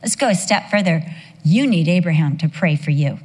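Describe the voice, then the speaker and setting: A woman's voice: deep voice, lively intonation, normal speed, darkish tone, slightly rough. A middle-aged woman pastor preaching a sermon with humor, acting out the voices in her stories. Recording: long reverb of a large hall.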